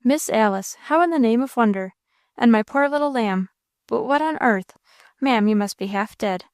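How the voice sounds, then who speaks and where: A woman doing a rough, deep-voiced country farmer. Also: animated, moderate pace, darkish tone, no room sound, clean studio sound, close to an everyday voice. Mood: gruff, neighborly. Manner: homespun country dialect, blunt. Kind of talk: audiobook character reading.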